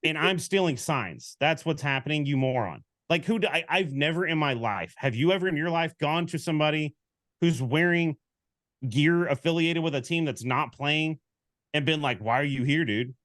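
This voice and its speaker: A man co-hosting a casual sports podcast, telling stories with lively quoted back-and-forth. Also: fairly high pitch, normal speed, no echo, studio quality. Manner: animated storyteller, acts out quoted exchanges. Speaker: podcast co-host.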